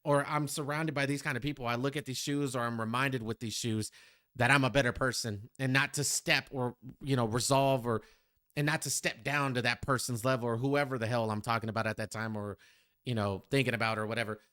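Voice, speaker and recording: A man's voice: mid-range voice, steady tone, brisk, a bit bright, clear, resonant tone, no room sound, clean studio sound. A man hosting a music reaction video, talking reflectively and directly to his viewers. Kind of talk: casual reaction commentary.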